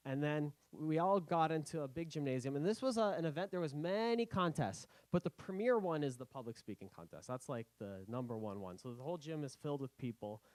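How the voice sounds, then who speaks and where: A young man giving a casual personal talk, halting and self-correcting with many fillers, acting out his past worries. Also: fairly high pitch, no echo, rough recording. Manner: animated, acting out his own past thoughts. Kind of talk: casual storytelling speech.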